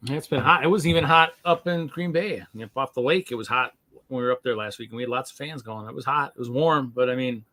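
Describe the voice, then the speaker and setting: A man's voice: mid-range voice, fast, pushed and bright. A man hosting a casual live-stream chat, rambling and often restarting his sentences. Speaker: host.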